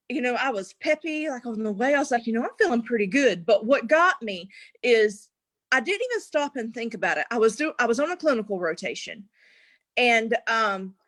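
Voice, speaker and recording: Young adult woman, animated storyteller, bright upper pitch, dry close mic. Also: normal speed, no room sound. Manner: animated, acts out quotes, laughs often. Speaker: guest. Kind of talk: casual storytelling.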